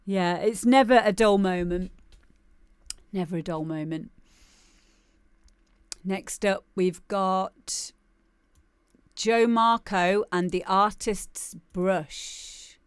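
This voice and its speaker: A woman's voice: medium pitch, extremely slow, long pauses, clear, resonant tone, no echo. A woman hosting a live music demo show, chatting casually and laughing often. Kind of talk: casual live-stream chat.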